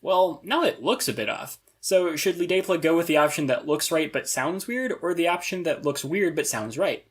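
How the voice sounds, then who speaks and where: Lively, husky-voiced man reviewing a conlang. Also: on the high side, normal speed, hardly any pauses. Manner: dry, analytical, wry asides. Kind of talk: scripted review narration.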